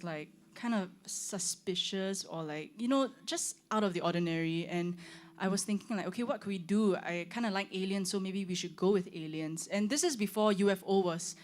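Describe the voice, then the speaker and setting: A young woman, a singer chatting casually on a livestream, rambling with lots of "like" and "um". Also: medium pitch. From Singapore. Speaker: singer hosting her own launch stream. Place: room with her band.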